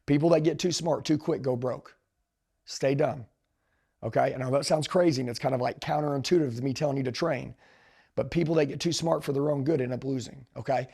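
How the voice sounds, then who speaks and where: A man in his forties, a sales trainer, telling a story in an emphatic, animated, slangy way and calling his listeners dude. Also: mid-range voice, fairly quick, vocal fry, slightly rough. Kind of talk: motivational storytelling.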